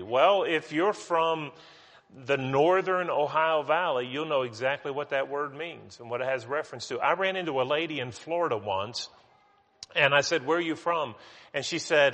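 A man's voice: on the high side, expressive, moderate pace, a bit bright. A man from West Virginia, teaching a Bible study sermon in a conversational way with many restarts and asides. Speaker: preacher. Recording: long hall reverb.

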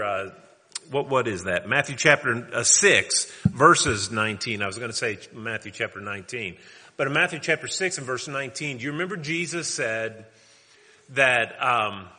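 A man's voice: mid-range voice, pushed and bright. A man preaching a sermon, earnest and explanatory, quoting scripture and often restarting phrases. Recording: long reverb of a hall.

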